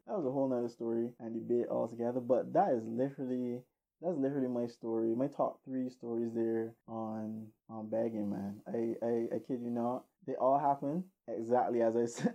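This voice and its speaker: A woman hosting a podcast, telling a story in a casual, animated way and acting out the voices of the people in it. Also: a bass voice, highs cut off. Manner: animated, acts out voices in stories. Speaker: podcast host.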